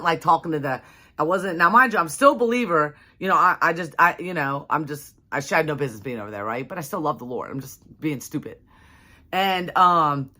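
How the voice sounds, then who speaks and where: A woman's voice: sits low, bright, forceful tone. A young adult woman telling a personal story to her viewers in a casual, chatty way, full of "like" and "you know". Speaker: vlogger.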